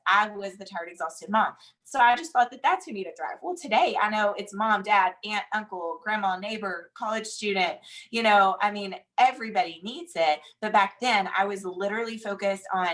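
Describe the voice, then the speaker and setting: A woman's voice: mid-range voice, low-quality recording. Southern woman in her 30s, chatty, lots of y'alls and likes, telling her success story. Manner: animated, chatty, says "y'all" and "like" often. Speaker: guest speaker. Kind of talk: motivational storytelling.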